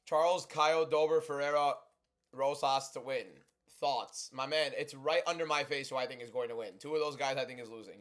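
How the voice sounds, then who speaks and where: A young man hosting a livestream, talking loudly and chatting casually as he reads and answers viewer comments. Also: medium pitch, fairly even intonation, moderate pace. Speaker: livestream host.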